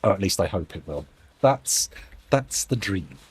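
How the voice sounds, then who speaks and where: A man's voice: low voice, big pitch swings, unhurried, husky. A man streaming a game, chatting casually and thinking aloud with dry, self-mocking asides. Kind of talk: casual live-stream commentary while playing.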